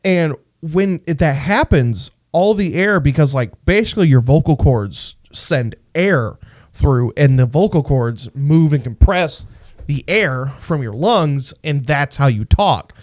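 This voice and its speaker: Male co-host, animated storyteller with a lively voice, dry close sound. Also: a little high, a little slow, dry recording. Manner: animated storytelling, swears freely. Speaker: podcast co-host. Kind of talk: casual podcast chat.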